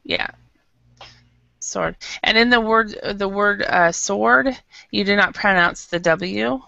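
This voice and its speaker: Gravelly-voiced woman teaching English online. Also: medium pitch, sharp tone, no room sound. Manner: patient, explains slowly with many fillers. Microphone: video call. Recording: dull lo-fi video call audio.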